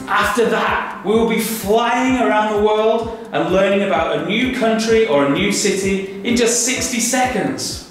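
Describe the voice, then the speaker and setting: Animated Lancashire man hosting a kids' show. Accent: Lancashire English. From Lancashire, north of England. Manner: animated, theatrical, with big swoops in pitch. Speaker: children's show host and teacher. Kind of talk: lively presenting for children. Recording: very echoey room with music behind.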